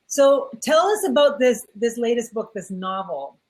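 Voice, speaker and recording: A woman's voice: fairly high pitch, sing-song, measured pace, a little mellow, low-quality recording. A woman hosting a podcast interview, encouraging and affirming her guest. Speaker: podcast host.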